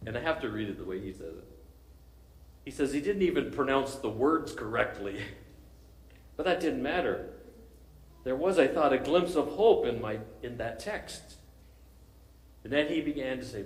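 A man's voice: medium pitch, lively intonation, moderate pace, long pauses, reverberant, rough recording. A male pastor preaching a sermon, telling a story with animation and frequent chuckles.

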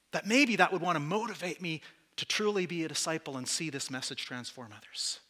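A man's voice: a little high, pushed and bright. A man preaching as pastor to his church, candid and conversational, with self-deprecating asides. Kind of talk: sermon.

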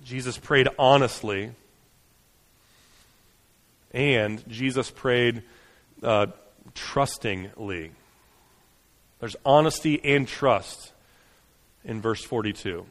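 A man preaching a sermon in a conversational way. He uses frequent "right?" and "you know" asides, builds to fast, urgent runs, then drops soft and slow. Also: medium pitch, long reverb tail. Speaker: pastor.

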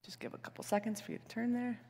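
A young adult woman pastor preaching a sermon, telling a story in an animated way with chuckles and asides. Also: on the high side, very fast, gravelly. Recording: long hall reverb in church.

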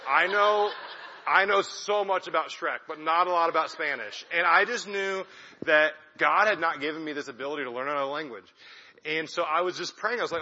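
A man's voice: fairly high pitch, brisk, sharp tone. A young man, a missionary, giving a chatty, self-deprecating talk to a church congregation. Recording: echoey hall, dull lo-fi sound.

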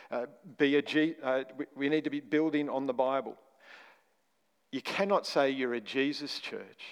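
Male pastor, mid-pitched, emphatic sermon delivery, hall reverb. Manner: emphatic, stresses single words, rhetorical questions.

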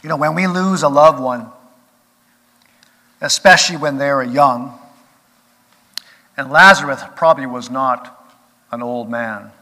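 A man preaching a sermon as pastor, earnest, rising to emphatic peaks and then dropping quiet. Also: mid-range voice, measured pace, pauses often. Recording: long reverb of a large hall.

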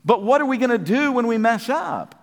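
A man delivers a sermon in a high, lively voice that leaps and falls. He moves from booming calls to hushed lines. The sound rings with a long hall reverb. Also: fairly quick. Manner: animated, swings from booming to hushed. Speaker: preacher.

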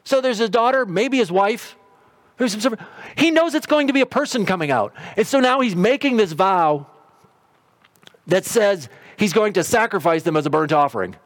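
A man's voice: high voice, lively intonation, normal speed. A middle-aged man preaching a sermon in a conversational storytelling way, briefly acting out quotes. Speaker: pastor.

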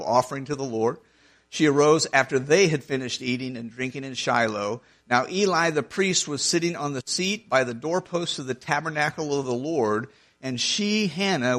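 A man's voice: mid-range voice, fairly bright tone. A man preaching a sermon, reading scripture verse by verse and explaining it in an earnest, conversational way, often restarting his phrases.

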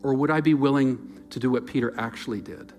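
A man preaching a sermon as pastor, earnest and storytelling, rising to loud emphasis and dropping to near-whispered softness. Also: mid-range voice, steady tone, fast talker, soft background music.

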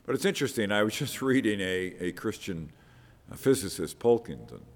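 A man's voice: lowish voice, big pitch swings, fairly quick. A man preaching a sermon on a Bible passage, earnest, often repeating words as he stresses a point. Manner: earnest, repeats words, quotes with rising emphasis. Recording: long hall reverb.

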